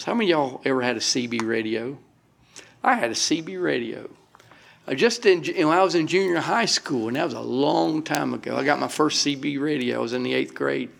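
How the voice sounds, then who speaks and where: A middle-aged man preaching from the pulpit, his voice gravelly and pitched a little high. He works through scripture with emphasis, breaking off for folksy asides to the congregation. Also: a bit bright. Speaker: pastor. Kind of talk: sermon.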